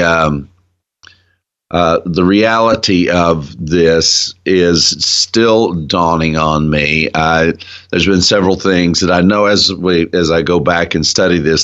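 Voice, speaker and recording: A man's voice: sits low, a bit bright, highs cut off. A man, a ministry founder, talking as a guest in an earnest, enthusiastic casual Bible discussion.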